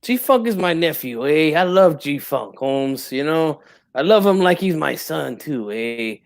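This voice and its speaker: A man's voice: a little high, animated, measured pace, vocal fry. A man doing a comic impression of a tipsy, proud older boxing father who tags nearly every phrase with "eh?" and drops Spanish slang. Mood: wounded, tipsy. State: drinking, tipsy.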